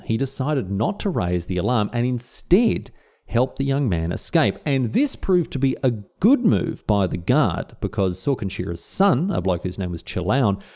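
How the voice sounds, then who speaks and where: A man's voice: on the low side, darkish tone. A man with an Australian accent, a host telling history in a casual, irreverent way with slang asides.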